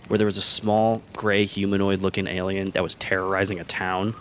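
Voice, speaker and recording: Deep-voiced man thinking aloud. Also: level tone, a little fast, noisy background. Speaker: podcast co-host. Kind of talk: casual podcast chat.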